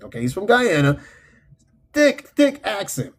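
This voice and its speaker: A man hosting a podcast, chatting casually and reading out listener comments in a loose, profane, animated way. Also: sits high, slow, pauses often, breathy edge. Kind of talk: casual unscripted chat.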